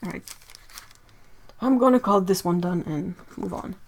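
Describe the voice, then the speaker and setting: A woman's voice: fairly low pitch, unhurried, slight background noise. Chatty woman streaming. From Quebec, Canada. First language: French. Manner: chatty, reads out viewer comments, drifts quieter while working. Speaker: artist livestreamer. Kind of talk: casual livestream chat while painting.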